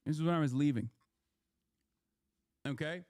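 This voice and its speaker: Young male commentator, slightly high voice, profane rambling rant, dry close sound. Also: normal speed, a little mellow, dry recording. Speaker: political commentator.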